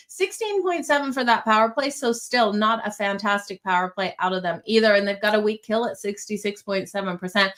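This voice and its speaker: A woman with a medium-pitched, slightly bright voice hosts a sports betting show. She's chatty and upbeat, often speaking straight to viewers as "you guys" while casually talking through picks and predictions.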